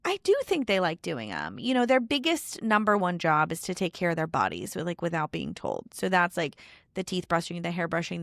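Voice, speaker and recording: A woman in her thirties hosts a podcast interview in a loose, chatty manner, with plenty of "you know" and "like". Her voice has a gravelly, fry-tinged texture, and it sounds dry and close. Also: on the low side, fairly bright tone, no room sound. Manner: chatty, with many fillers. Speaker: podcast host. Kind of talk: casual conversational interview.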